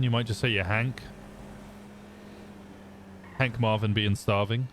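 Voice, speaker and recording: A man's voice: lowish voice, steady tone, takes it slowly, slight background noise. A young British man streaming a roleplay game, chatting casually and explaining at length, swearing freely.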